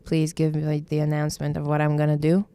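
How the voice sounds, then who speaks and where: A young woman co-hosting a casual podcast chat, talking in a calm, soft, low-key way. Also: fast, smooth, no echo. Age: young adult. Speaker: podcast co-host.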